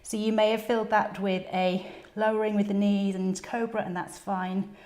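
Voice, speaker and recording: A woman teaching a yoga class, calmly and encouragingly cueing each breath and movement, at times slightly out of breath. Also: medium pitch, normal speed. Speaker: yoga instructor. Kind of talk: guided yoga class instruction. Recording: echoey room.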